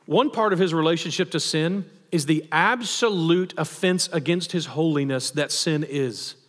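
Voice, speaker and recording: A man's voice: fairly high pitch, moderate pace. A man preaching a sermon in a conversational way, asking rhetorical questions and adding emphatic asides. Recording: long reverb of a hall.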